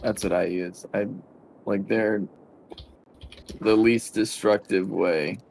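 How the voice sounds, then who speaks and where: Slow, gravelly man in casual chat. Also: on the low side, fairly even intonation, darkish tone, slight background noise. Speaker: stream guest.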